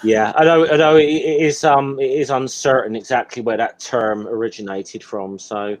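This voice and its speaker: A man's voice: medium pitch, normal speed. A man in casual group chat on a stream, talking hesitantly with many ums and restarts. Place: Hampshire home, voice call.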